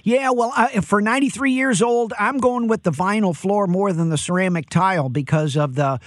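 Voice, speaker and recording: A man's voice: sits high, moderate pace, no echo. A man hosting a live radio call-in show on home repair, upbeat and chatty, with plenty of "you know" and playful jokes, speaking into a studio microphone. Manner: energetic, jokey, chatty with fillers.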